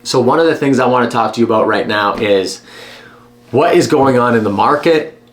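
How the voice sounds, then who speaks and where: This is a man with a medium-pitched voice, speaking straight to camera. His delivery is blunt and emphatic, with a persuasive push behind each point. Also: moderate pace. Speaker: real estate agent. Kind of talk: direct-to-camera advice vlog.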